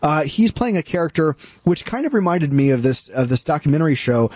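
A man's voice: fairly high pitch, sing-song, a little fast, a little mellow, no room sound. A man co-hosting a casual movie review discussion, opinionated and conversational, with frequent fillers and restarts. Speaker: film critic co-host.

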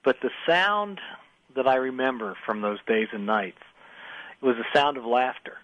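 An older man recalls his early years as a guest on a radio show, telling stories and breaking off to start his sentences again. His voice is of middle pitch, the studio sound is dry, and the audio is slightly dull. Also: very animated, moderate pace, fairly bright tone, no room sound. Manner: storytelling, many restarts, acts out voices in anecdotes. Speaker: author and guest. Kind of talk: radio interview, reminiscing.

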